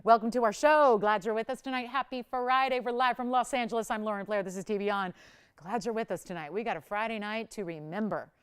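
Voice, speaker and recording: A woman hosting a live jewelry shopping show, pitching with energy and counting prices down urgently. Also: fast, smooth. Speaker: shopping channel host. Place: studio.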